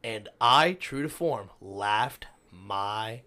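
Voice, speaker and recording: A man in casual podcast chat, swearing a lot as he tells a story. His pitch swings widely, rising high as he acts out people yelling. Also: extremely slow. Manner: profane, animated storyteller. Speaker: podcast guest.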